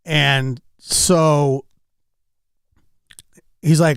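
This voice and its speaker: A man's voice: medium pitch, unhurried, no echo, studio quality. A man chatting casually with his stream chat, telling rambling anecdotes and calling out viewers by name. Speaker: livestreamer.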